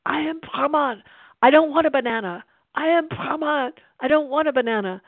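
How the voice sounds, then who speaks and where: A meditation teacher putting on an ecstatic French Canadian man who shouts with a French accent, over a tinny phone-like line. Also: steady tone, moderate pace, vocal fry, slightly rough, dry recording. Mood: ecstatic shouting. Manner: shouted, high and rapturous.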